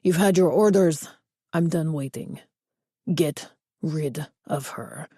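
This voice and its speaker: A woman's voice: low-pitched, slow, dark tone, breathy edge, dry recording, studio quality, voice pushed down, exaggerated voice. A woman doing a menacing cartel boss. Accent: Spanish. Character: menacing cartel boss man, cold and threatening.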